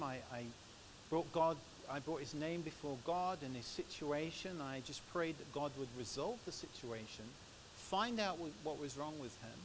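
An English man giving a church sermon into a microphone, telling personal stories in a chatty, anecdotal way. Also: fairly high pitch. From England. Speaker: preacher. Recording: steady background hiss.

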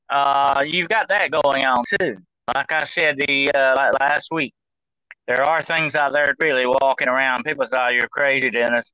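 Bright-voiced man with many fillers. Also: medium pitch, dry recording, muffled recording. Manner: rambling, many fillers and restarts. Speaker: guest on demonology show. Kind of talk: casual talk-show discussion.

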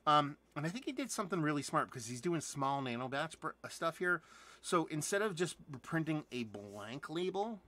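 Male host, bright, forceful tone, loose chatty live-stream rambler, casual cursing. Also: fairly high pitch, big pitch swings, moderate pace. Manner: rambling and chatty, with many fillers and restarts; enthusiastic, swears casually. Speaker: beer reviewer and channel host. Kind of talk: casual live unboxing chat.

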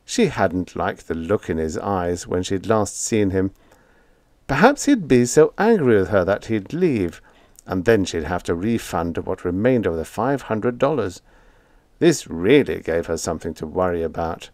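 A man narrating a short story in an unhurried, expressive reading. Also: sits low, no room sound. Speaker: audiobook narrator.

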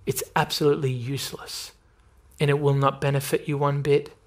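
A man's voice: fairly high pitch, level tone, normal speed. A male pastor preaching a sermon, earnest and pressing direct questions at his listeners.

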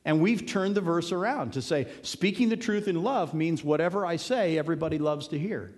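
A man's voice: a little high, a little fast. A male pastor giving an earnest, conversational sermon, driving points home with emphatic repetition. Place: church sanctuary. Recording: long hall reverb.

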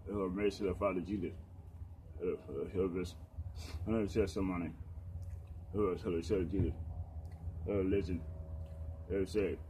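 A man giving a halting, rambling preaching testimony as a self-described preacher, full of fillers and repeated phrases. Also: low voice, mellow, a little hiss or hum. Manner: halting, filler-heavy, repetitive. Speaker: street preacher.

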